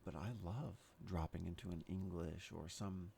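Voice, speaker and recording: Low, gravelly man musing aloud. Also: fairly even intonation, normal speed, warm tone, slight background noise. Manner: meandering, shifts accents and tone as he talks. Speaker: meditation speaker. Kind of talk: rambling spoken meditation.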